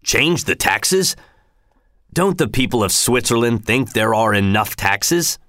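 A man's voice: on the low side, lively intonation, pushed and bright, dry recording, studio quality. A man voicing a smug, menacing governor who drags out his words condescendingly. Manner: slow, drawn-out, condescending delivery. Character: smug, menacing male governor, slow and silky.

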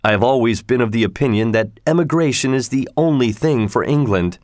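Dry, calm statesman, wry and unhurried, read by a man. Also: medium pitch, no room sound, close to an everyday voice. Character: dry, calm middle-aged American statesman.

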